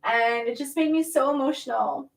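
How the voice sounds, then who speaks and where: Reading comments from her chat, a livestream host speaks in a high, gravelly voice at a moderate pace. Her talk is casual, warm, and chatty, now and then emotional and frequently laughing, and the distant mic picks up a roomy echo.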